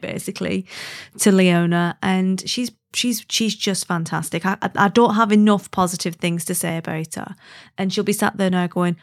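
A woman's voice: mid-range voice, vocal fry. A woman hosting a podcast in casual chat, bubbly and gushing, laughing often. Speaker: podcast host.

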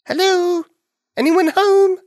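A man voicing an eager, helpful young male bunny in a high, exclaiming voice. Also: huge pitch swings, normal speed, dry recording, clean studio sound, full character voice.

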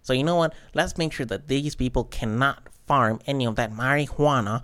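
A man playing a jealous, stubborn husband who grumbles low and indignant. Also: moderate pace, a bit bright, smooth, natural voice.

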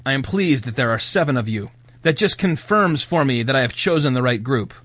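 Pompous smooth-talking preacher, middle-aged, read by a man. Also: medium pitch, animated, normal speed, a bit bright, no echo. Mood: pleasant. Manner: grandiose and overly polite.

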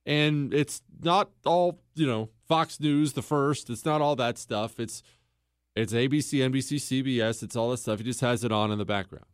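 A man's voice: medium pitch, moderate pace, smooth, no echo, studio quality. A man hosting a talk show, telling a story and arguing his point in an emphatic monologue, repeating words for stress. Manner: storytelling, mimics others in quotes, emphatic repetition. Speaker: podcast host. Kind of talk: opinionated monologue.

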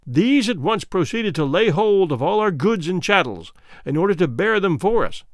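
A man reading a classic adventure novel aloud as a podcast narrator, acting out the characters' lines with lively shifts in voice. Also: moderate pace, dry recording, studio quality. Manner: animated reading, voicing characters with shifts in pitch and volume. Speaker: audiobook narrator.

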